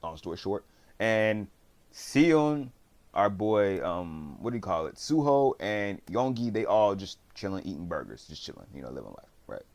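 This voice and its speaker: A man's voice: low voice, big pitch swings, moderate pace, darkish tone. A man casually recapping a TV series, rambling in slang and acting out what the characters say. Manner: slangy, rambling storyteller who acts out quotes. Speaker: drama reviewer.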